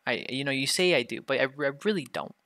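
Sore-throated from being ill, a young man performs a bratty, foul-mouthed ASMR role-play, teasing and bargaining as he goes. His mid-range voice is bright, forceful, fast, and lively in intonation, recorded close and dry with no room echo.

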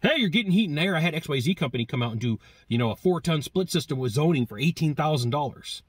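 A man voicing a boastful older retiree neighbor who brags loudly about a cheap deal. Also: a little high, expressive, quick pace, husky, no echo, studio quality. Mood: smug. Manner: bragging, brash.

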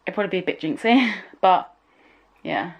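A woman's voice: on the low side, lively intonation, moderate pace. Rambling woman vlogging at home. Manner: rambling, emotional, trailing off. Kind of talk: casual vlog chat.

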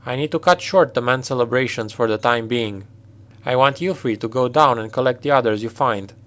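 Reading a storybook, a man voices a blunt, practical mercenary captain who speaks forcefully and directly, with a commanding mood. His medium-pitched delivery is brisk and lightly acted.

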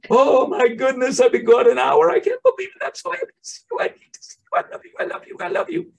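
A man's voice: sing-song, fast talker, creaky, heavily acted. A man putting on a gushing, squealing pet owner. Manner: high-pitched, gushing, breathless. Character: gushing pet owner greeting a dog after an hour away.

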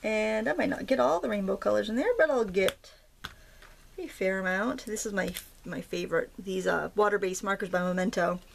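Chatty woman from Maine, gravelly voice. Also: mid-range voice, normal speed, a little hiss or hum. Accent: light Maine. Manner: chatty, jokey, thinks aloud while working. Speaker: craft tutorial host. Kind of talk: casual craft demonstration.

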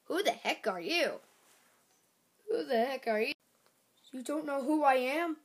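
A woman's voice: sits high, animated. A woman voicing a boastful little sack-doll star. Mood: bickering. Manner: squabbling, showy, quick shifts to loud shouts.

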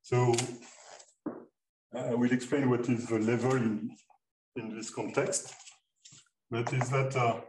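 Halting male lecturer, distant mic, noisy echoey room. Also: mid-range voice, flat delivery, a little mellow. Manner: halting, many fillers and restarts. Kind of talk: math seminar lecture.

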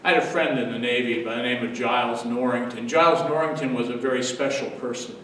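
A man's voice: medium pitch, fairly even intonation, quick pace, a bit bright, a little hiss or hum. A man in his seventies, a pastor giving a daily devotional sermon, telling the story earnestly and repeating phrases for weight. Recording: echoey room, distant mic.

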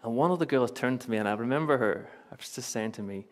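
A man's voice: medium pitch, fast. A young man preaching a sermon in a church, telling personal stories with earnest, emphatic repetition and light chuckles. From Northern Ireland.

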